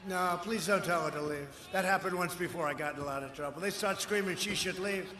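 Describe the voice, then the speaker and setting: A man from the United States giving a campaign rally speech outdoors, boastful and repetitive, often breaking into shouts. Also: high-pitched, a little fast, background noise. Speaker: political speaker at a rally. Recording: echoey rally sound with long reverb and faint ambience.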